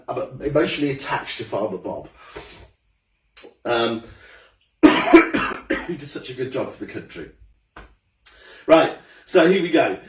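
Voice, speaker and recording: A man, leading a live-streamed exercise class indoors and greeting viewers by name in a chatty way. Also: mid-range voice. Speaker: exercise instructor. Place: indoor room with carpeted floor.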